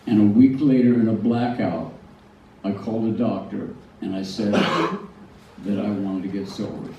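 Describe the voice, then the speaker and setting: In a lowish, unhurried voice, an older speaker at a museum talk tells a live audience personal tales, mocking himself and frequently stumbling into restarts. The very noisy recording sounds far off, dull and echoey, as if from across a large hall.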